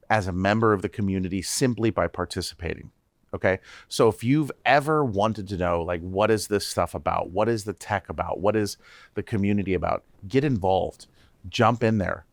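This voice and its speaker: A man, a tech company CEO, guesting on a casual podcast, energetic and repeating his words as he speaks straight to listeners. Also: lowish voice, no echo.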